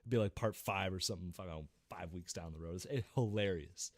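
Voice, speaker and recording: A man co-hosting a casual gaming podcast, telling stories in an animated way and swearing constantly. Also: low voice, brisk, dry recording. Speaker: podcast co-host.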